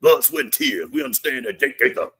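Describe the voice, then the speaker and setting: A man's voice: medium pitch, fast talker, creaky, a bit bright, slightly rough. A man doing a folksy old football coach. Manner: folksy, gritty pep talk. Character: laid-back older male college football coach.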